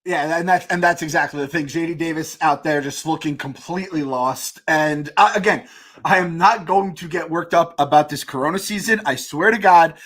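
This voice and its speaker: A man's voice: on the high side, moderate pace, fairly bright tone. A man hosting a casual sports podcast, ranting and swearing in heated frustration. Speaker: podcast host.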